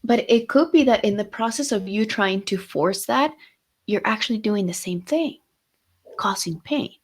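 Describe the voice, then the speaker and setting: A woman's voice: medium pitch, expressive, moderate pace, husky. A woman co-hosting a heartfelt podcast conversation, talking reflectively and retelling stories in quoted dialogue. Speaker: podcast co-host.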